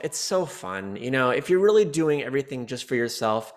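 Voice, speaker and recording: A man's voice: medium pitch, very animated, a little fast. A male comedian, a guest on a podcast, talking in a playful, rambling way and laughing often. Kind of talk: casual podcast chat.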